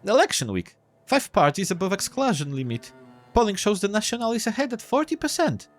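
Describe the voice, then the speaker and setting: A man's voice: high voice, very animated, brisk, voice pushed up. A man voicing a nervous young newsstand boy who stammers and sounds jittery. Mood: reading aloud.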